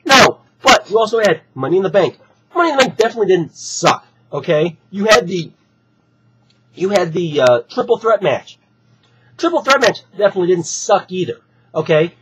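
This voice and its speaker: A hoarse man, still recovering from being sick, ranting heatedly and with plenty of swearing in an opinion vlog. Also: high-pitched, sing-song, moderate pace, fairly bright tone, a little hiss or hum, low-quality recording. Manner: heated, profane, repetitive ranting. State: hoarse from recent illness. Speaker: wrestling fan vlogger. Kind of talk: opinion rant to camera.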